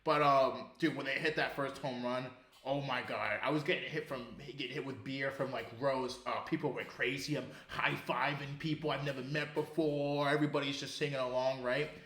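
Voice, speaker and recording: A man's voice: mid-range voice, normal speed, roomy sound. A man co-hosting a podcast, talking about sports in a loose, profane way, full of restarts. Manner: animated, profane, rambling with restarts. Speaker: podcast co-host. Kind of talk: casual sports chat.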